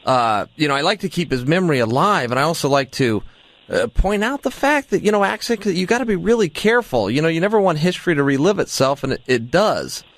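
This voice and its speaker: A man's voice: fairly high pitch, sing-song, quick pace, a bit bright. A man interviewing a guest, phrasing carefully with hesitant repeats. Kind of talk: podcast interview.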